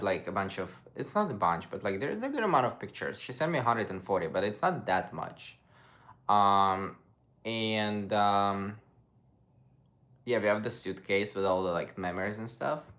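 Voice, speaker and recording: A man's voice: on the low side, fairly bright tone. A young man casually chatting on a livestream, rambling and stopping to search for English words. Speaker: streamer.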